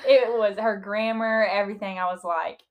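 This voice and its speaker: Brief: young Southern woman, giggly and expressive podcast co-host, casual chat. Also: medium pitch, highs cut off. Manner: giggly, expressive, quick reactions.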